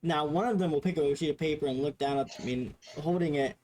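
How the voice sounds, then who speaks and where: A man narrating a tabletop game as game master, halting with many fillers. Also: fairly high pitch, darkish tone, slight background noise, low-quality recording.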